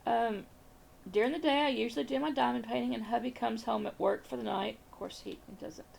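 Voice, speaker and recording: A woman's voice: on the high side, fairly quick, creaky, slight background noise. A Southern American woman chatting casually as a crafting vlogger, rambling through a story and repeating phrases.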